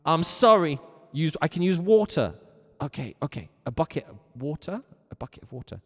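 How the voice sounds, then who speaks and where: A man's voice: a little high, big pitch swings, normal speed, long reverb tail. A man teaching a music lesson during a livestreamed game, theatrical, jokey and mock-stern.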